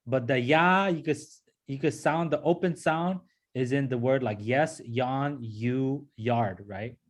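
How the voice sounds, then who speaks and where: Speaking a little slowly, a man with a medium-pitched voice teaches pronunciation to a class. He goes over the sounds again and again with patience, checking in with "okay?" and "right?"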